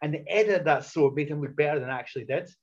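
A man, a wrestler and coach, telling stories as a podcast guest in a casual, animated way that is full of swearing and restarts. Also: on the high side, rapid-fire. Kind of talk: casual storytelling chat. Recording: muffled lo-fi sound.

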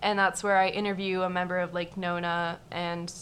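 Young woman chatting, deadpan humor. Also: fairly low pitch, moderate pace, a little hiss or hum. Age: 20s. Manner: joking, deadpan about grief. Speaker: guest. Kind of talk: casual chat.

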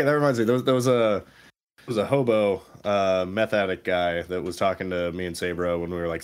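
Animated storytelling man, laughing often. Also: low-pitched. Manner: animated, laughing, quotes people in voices. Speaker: podcast co-host. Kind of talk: casual storytelling chat.

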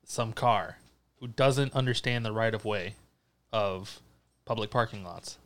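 On a casual podcast, a male co-host teases his friend dryly, hesitating often as they chat. His voice is fairly low and fairly bright, and he takes his time.

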